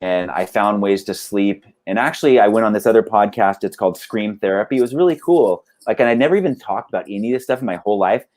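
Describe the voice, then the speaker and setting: Male band guest, lowish voice, casual rambling storyteller on a video call. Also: fast, few pauses, darkish tone. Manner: rambling, lots of "like" and "dude".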